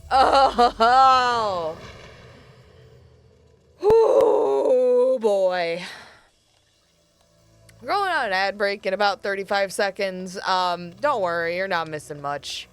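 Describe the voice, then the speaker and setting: A woman's voice: mid-range voice, moderate pace, few pauses, fairly bright tone, clean tone, soft background music. A woman streaming a game, talking casually with sarcastic, self-mocking commentary and frequent swearing.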